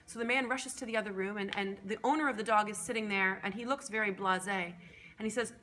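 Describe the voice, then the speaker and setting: A woman professor telling a long joke in an animated storytelling way. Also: mid-range voice, fast talker, a little hiss or hum.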